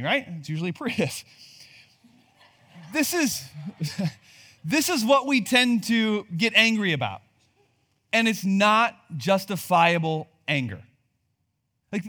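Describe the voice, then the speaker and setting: A man's voice: on the high side, a bit bright. A man preaching a sermon in a conversational, joking style, with rhetorical questions to his congregation. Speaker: pastor.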